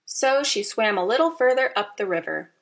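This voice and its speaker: A woman narrating a children's storybook aloud, expressive and playful, with teacherly asides to young listeners. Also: a little high, moderate pace, gravelly.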